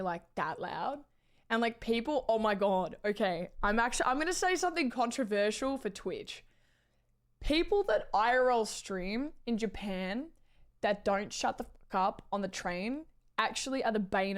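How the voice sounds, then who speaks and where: A talkative woman with an Australian accent, livestreaming and chatting off the cuff. She wanders between thoughts, stacking "like" fillers and cutting herself off mid-word, in an easygoing tone at a middle pitch. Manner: chatty and rambling, with frequent "like" fillers and self-corrections. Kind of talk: casual chat.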